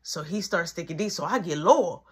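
Husky-voiced woman telling a story. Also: lowish voice, fairly quick. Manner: animated, slangy, acts out the dialogue. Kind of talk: casual storytime vlog.

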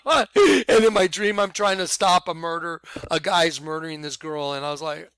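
Animated man telling a story, bright voice. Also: fairly high pitch, normal speed, smooth, no room sound. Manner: animated, acts out quotes, rambling restarts. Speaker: vlogger. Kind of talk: personal storytelling to camera.

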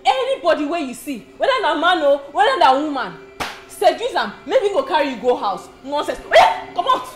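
A woman's voice: high-pitched, very animated, brisk, roomy sound, over music. An actress playing a woman who speaks Nigerian Pidgin and scolds, mocks and orders people out. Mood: scolding. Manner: scolding, mocking. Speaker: angry woman throwing out a rival. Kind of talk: Nollywood film acting.

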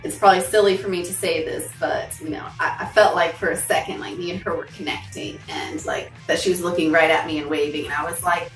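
A woman from the United States chatting casually on her vlog, excitable and gushing, with lots of fillers and little laughs. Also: lowish voice, a little fast, few pauses, roomy sound, distant mic, rough recording. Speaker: vlogger. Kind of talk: casual chat. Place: home room with posters. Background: soft background music.

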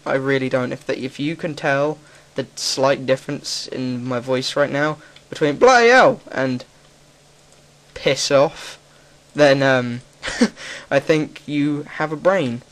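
Young english guy rambling on his channel, swears a lot, mid-pitched voice. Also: fairly even intonation, slow pace. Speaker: YouTube gaming commentator. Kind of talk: casual gaming commentary monologue.

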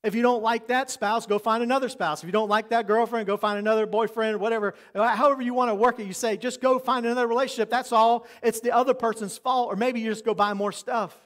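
Мужчина средних лет, пастор, читает проповедь искренне, временами переходит на тихий, доверительный тон. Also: male voice, very high-pitched, steady tone, fast talker, few pauses. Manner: earnest, preacherly, drops to soft intimate tones for emphasis. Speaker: pastor. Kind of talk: sermon.

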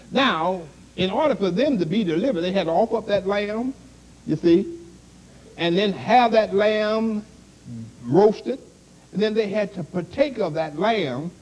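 A man's voice: sits high, a little mellow, husky, rough recording. A man preaching a sermon to a congregation, constantly asking "see?" and "you understand?".

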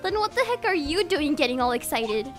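A woman's voice: sits high, very animated, fairly quick, loud music behind the voice. A woman voicing a young male rookie lawyer in a dry, exasperated way.

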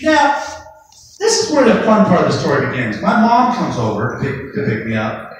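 Brash comic in an echoey club. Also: male voice, huge pitch swings, brisk. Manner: brash storyteller acting out shrill voices. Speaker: stand-up comedian. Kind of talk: stand-up comedy routine. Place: comedy club stage. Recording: echoey club from a distant mic. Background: audience laughter.

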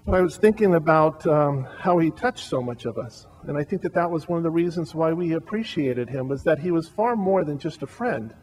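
A man speaking as a pastor at a memorial service, giving a heartfelt eulogy with frequent halting restarts. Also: fairly high pitch, lively intonation, a little mellow, low-quality recording.

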